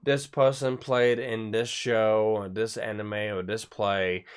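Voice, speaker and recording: A man's voice: fairly low pitch, flat delivery, slow pace, clean tone. Stammering casual male streamer. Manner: rambling, stammering restarts, swears casually. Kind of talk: casual livestream chat.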